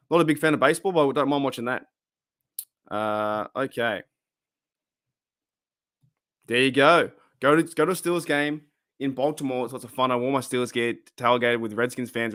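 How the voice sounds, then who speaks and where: A man's voice: medium pitch, normal speed, pushed and bright. A man hosting a casual live-streamed fan podcast, rambling and reacting to chat comments. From Australia.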